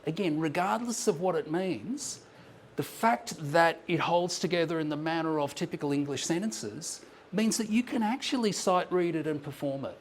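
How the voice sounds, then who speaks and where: A man whose voice is a little high talks at normal speed, presenting an academic paper at a conference. In a lecture room with slides on a screen, he lays out his points thoughtfully amid frequent ums and restarts, and there's a little hiss or hum.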